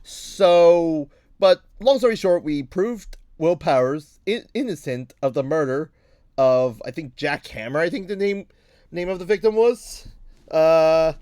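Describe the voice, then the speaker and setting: A man hosting a let's play, chatting casually and loudly, joking and swearing freely. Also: fairly high pitch, unhurried, clear, resonant tone, no room sound, clean studio sound. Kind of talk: casual game commentary.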